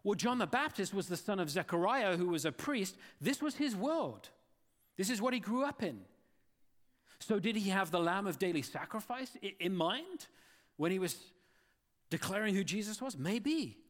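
A man's voice: sits high, animated, normal speed, big-room sound. A man preaching a sermon, earnest and full of rhetorical questions to his listeners. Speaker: pastor.

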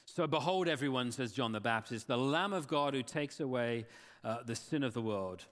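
A man's voice: mid-range voice, lively intonation, normal speed, fairly bright tone, long reverb tail. A man preaching a sermon, earnest and full of rhetorical questions to his listeners. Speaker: pastor.

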